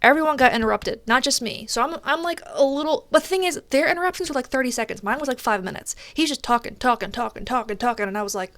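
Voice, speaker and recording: Young woman streamer, animated rant. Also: sits high, fast talker, few pauses, no room sound. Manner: animated storytelling, frequent swearing. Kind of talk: casual chat while gaming.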